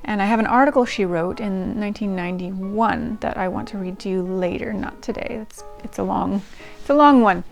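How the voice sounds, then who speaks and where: A woman who runs a channel reading old diaries chats casually to the camera, chatty and self-deprecating, with lots of ums and restarts. Her mid-range voice is creaky, at a moderate pace with few pauses, over soft background music.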